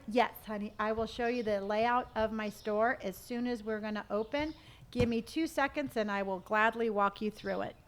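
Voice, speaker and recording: A middle-aged woman chatting casually on a live stream while she plays, reading viewer comments aloud and humming to herself. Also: fairly high pitch. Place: at home.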